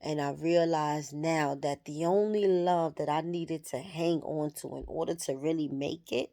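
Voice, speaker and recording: A woman shares a personal spiritual reflection in a vlog. Her voice sits a little low, and she speaks at a very unhurried pace. She is candid and soft-spoken, with pauses between her thoughts. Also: fairly even intonation. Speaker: vlogger.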